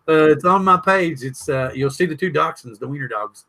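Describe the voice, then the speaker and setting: High bright Southern man rambling on a stream. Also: normal speed, slight background noise. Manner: rambling, joking, reads chat aloud. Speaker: podcast host. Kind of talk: live-stream chat.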